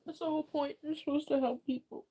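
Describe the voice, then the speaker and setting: Young woman streamer, crying, high-pitched, keeps saying sorry between broken sentences. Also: fairly even intonation, warm tone. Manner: apologetic, halting, reads chat donations. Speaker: livestreamer. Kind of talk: tearful livestream chat.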